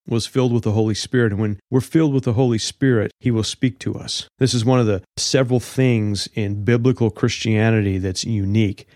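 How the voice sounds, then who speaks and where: A man with a lowish voice teaching through a Bible chapter verse by verse. He talks in a relaxed, conversational way and drops in casual slang. The sound is dry and close. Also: dry recording.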